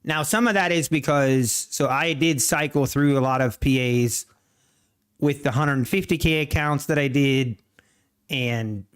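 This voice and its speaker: A man hosts a live trading stream in a smooth, fairly high voice, talking slowly into a desk mic. He speaks in a halting way, restarting his sentences, and keeps clearing his throat between thoughts. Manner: slow, halting, many restarts, answers chat. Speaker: livestream day-trading host. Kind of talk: casual live-stream chat.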